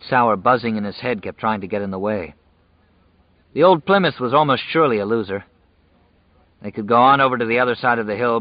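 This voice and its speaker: A man reading a novel aloud in measured, even scripted narration. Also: lowish voice, dry recording. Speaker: audiobook narrator. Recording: dull dry lo-fi audio.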